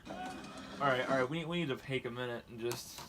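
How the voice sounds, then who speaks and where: A man's voice: mid-range voice, a little fast, fairly bright tone, slight background noise. A man reviewing a movie in casual chat, laughing and exasperated, swearing freely as he reacts. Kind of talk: casual chat while watching a film. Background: film soundtrack playing.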